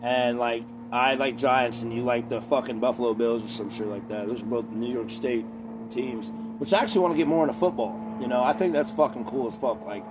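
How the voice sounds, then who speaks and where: A man's voice: medium pitch, steady tone, a little fast, noisy background. Man ranting profanely over a few beers. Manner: profane, rambling, digressive. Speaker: vlogger. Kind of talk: casual rambling rant.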